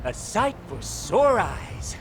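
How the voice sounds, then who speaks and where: A man's voice: high-pitched, very animated, slow pace, faint music behind, heavily acted. An actor playing a weary middle-aged male bar manager who talks theatrically and confides gossip. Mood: confiding. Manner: theatrical, swinging between gushing and gloomy.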